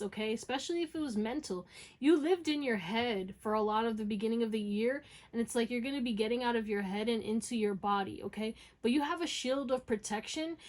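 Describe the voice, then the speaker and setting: A woman's voice: on the high side, darkish tone. A woman giving a pick-a-card tarot reading in a casual, blunt way. She often tags lines with "okay?" and swears freely.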